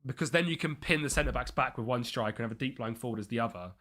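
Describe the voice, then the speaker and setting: A young man streaming live, chatting and thinking aloud over a football management game, with excited bursts at chances. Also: medium pitch, very fast. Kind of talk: live gameplay commentary.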